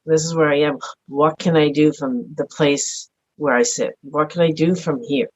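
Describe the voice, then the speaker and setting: A middle-aged woman speaking earnestly and softly as a podcast guest, thinking aloud in a reflective personal conversation. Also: low-pitched, fairly even intonation, normal speed. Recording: dull lo-fi audio.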